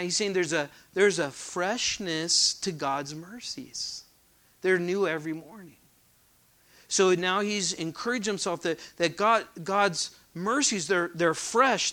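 A man delivering a sermon to his congregation. His voice is bright and forceful, a touch higher than most men's. He talks earnestly and doubles back on words to drive each point home. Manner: earnest, repeats words as he builds emphasis. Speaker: pastor.

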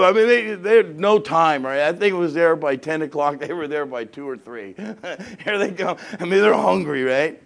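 High-voiced animated pastor telling stories. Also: male voice, moderate pace, gravelly. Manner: animated, acts out both sides of conversations, laughs often. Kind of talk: storytelling sermon.

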